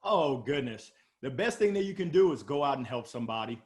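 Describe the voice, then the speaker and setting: A middle-aged man with a Southern drawl from Alabama, talking as a guest in an interview, animated and exuberant, joking about himself. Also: mid-range voice. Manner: animated, exuberant, quick jokes. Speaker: guest sales coach. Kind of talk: energetic interview talk.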